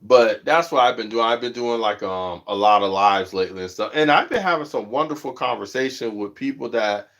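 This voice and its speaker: A man hosting his own livestream in loose, slangy casual chat, animated when he tells a story and a bit stuffy from allergies. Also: brisk, hardly any pauses. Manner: animated storytelling, jumps high when quoting others; slangy, says "you know what I'm saying" often. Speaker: livestream host.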